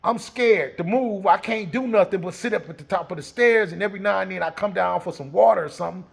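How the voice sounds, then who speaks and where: A man's voice: sits high, fast, gravelly, husky. A man casually telling a rambling story from his youth. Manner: rambling, laughs through the telling.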